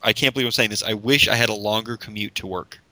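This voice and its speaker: A man co-hosting a podcast, talking enthusiastically in a halting way with many restarts. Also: lowish voice, fairly even intonation, bright, forceful tone, dry recording. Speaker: podcast co-host. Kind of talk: casual podcast chat.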